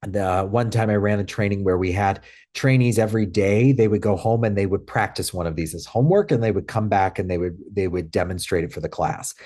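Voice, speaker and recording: A man's voice: fairly low pitch, brisk. A man teaching a webinar as a clinical trainer, talking conversationally with many fillers and tag questions. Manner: acts out playful lines in a bright fun voice. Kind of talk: webinar lecture.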